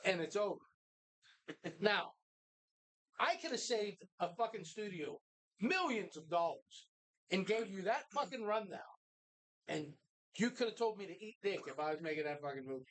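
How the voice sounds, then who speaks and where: A co-host on a live talk show recorded in a bar, swearing constantly while retelling a movie in animated detail. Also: mid-range voice, normal speed, long pauses. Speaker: podcast co-host.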